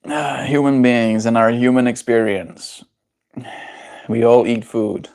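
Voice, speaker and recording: A man's voice: mid-range voice, slow, creaky, darkish tone. A man with a South African accent chatting casually on a livestream, rambling, chuckling often and reacting to viewers' comments. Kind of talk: casual live-stream chat.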